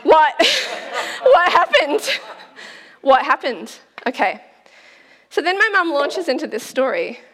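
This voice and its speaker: Brief: middle-aged woman preacher, high and lively voice, animated storytelling with laughs. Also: a little slow. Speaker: speaker at a church talk. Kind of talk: storytelling sermon.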